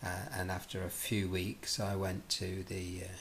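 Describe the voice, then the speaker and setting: A man's voice: sits low, unhurried, slight background noise. A middle-aged man tells a personal story, acting out the dialogue with lots of restarts. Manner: animated, acts out both sides of dialogues, lots of restarts. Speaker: speaker telling his life story.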